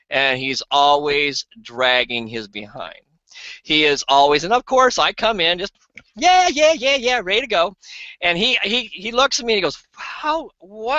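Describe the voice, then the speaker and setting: A man co-hosting an online product hangout, telling casual stories with lively acted-out quotes. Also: no echo, dull audio. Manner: animated, acts out quoted people in higher voices. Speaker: co-host of an online sales hangout. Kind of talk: casual storytelling and sales pitch. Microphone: video call.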